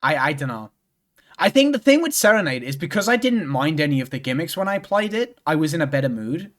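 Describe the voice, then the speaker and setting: A man's voice: fairly high pitch, very animated, a little fast, fairly bright tone. Rambling young male game streamer. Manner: rambling, full of "like" and restarts, swears freely. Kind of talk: casual chat while playing a game.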